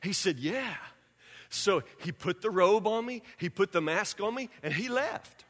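A man preaching a sermon as pastor, telling a personal story in an animated way and acting out scenes, speaking in a church sanctuary. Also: sits high, a little slow. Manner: animated storyteller, acts out scenes, drops to quiet intensity. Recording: reverberant hall.

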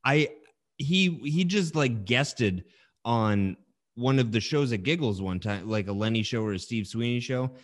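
A man's voice: medium pitch, lively intonation, unhurried. Man, casual chat, enthusiastic, rambling.

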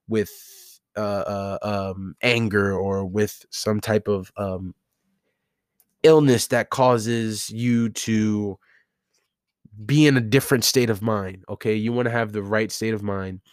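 A man's voice: fairly low pitch, no room sound, clean studio sound. A man hosting a solo podcast, talking casually and rambling with many fillers and restarts. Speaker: podcast host.

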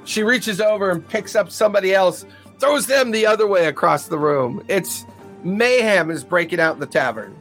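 A man narrating as game master of a tabletop role-playing game, lively and laughing as he goes. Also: high voice, moderate pace, soft background music.

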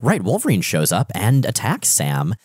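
A man co-hosting a podcast, chatting about comics in an animated, wry way. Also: fairly low pitch, moderate pace, breathy edge, no echo, studio quality. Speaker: podcast co-host. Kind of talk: casual comic-book chat.

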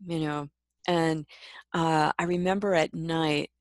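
A woman guest telling a personal story in an interview, reflective and soft-spoken, often laughing. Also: deep voice, fairly even intonation, slow pace, dry recording.

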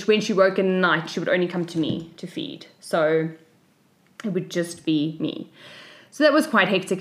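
A South African woman in her thirties, co-hosting a podcast and telling a personal story in a lively way, acting out what other people said. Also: lowish voice. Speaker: podcast co-host. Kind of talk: casual storytelling chat.

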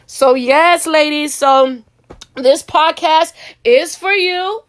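A woman's voice: high-pitched, slow pace. A young woman hosting her Christian podcast, talking energetically and preaching with call-and-response asides to her listeners. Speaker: podcast host. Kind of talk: casual Christian podcast talk.

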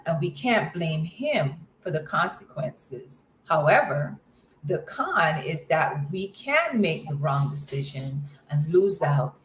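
A woman leading a Bible study lesson, asking questions and affirming comments in a slow, measured way. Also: deep voice, echoey room, a little hiss or hum, rough recording. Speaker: Bible study class leader.

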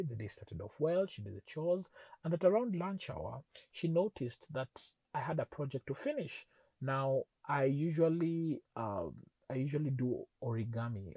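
Male teacher, husky, animated storyteller, dry close mic. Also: mid-range voice, dry recording. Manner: animated storyteller who acts out scenes. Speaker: relationship teacher. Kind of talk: storytelling lesson.

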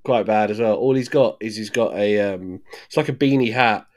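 A man's voice: on the low side, normal speed. A man co-hosting a podcast, casually talking through a film, swearing now and then and acting out lines from scenes. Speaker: podcast co-host. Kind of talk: casual film review chat.

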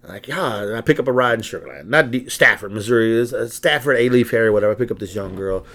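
A man co-hosting a casual podcast, telling stories in an animated way, laughing and swearing. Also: medium pitch, quick pace. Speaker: podcast co-host. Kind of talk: casual chat, storytelling.

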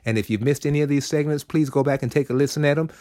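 A man with a high voice preaches in a relaxed, folksy way, slipping into animated voices when quoting. The recording is dry and close, with no room sound. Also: very fast, no room sound. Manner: folksy, conversational preaching with dramatic quoted voices. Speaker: preacher and show host. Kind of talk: short inspirational Bible talk.

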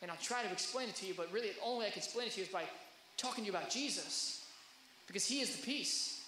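Bright-voiced man preaching in an echoey hall. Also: high voice, rapid-fire, slight background noise. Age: 30s. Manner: storytelling, swings from hushed to loud. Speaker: pastor. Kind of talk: sermon. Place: church hall.

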